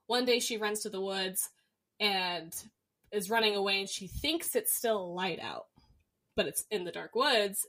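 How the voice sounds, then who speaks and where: A woman co-host talking through a book in easygoing podcast chat, her voice at a plain middle pitch. She rambles comfortably and fills her pauses with um and like. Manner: relaxed storytelling with fillers like um and like. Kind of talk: casual chat about books.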